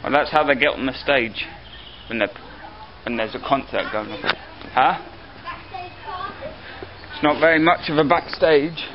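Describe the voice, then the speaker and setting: A man's voice: mid-range voice, unhurried, long pauses. Playful young man vlogging outdoors. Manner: playful, jokey, laughs a lot. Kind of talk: casual handheld vlog banter. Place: outdoors in a park. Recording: dull lo-fi camcorder audio, loud hiss.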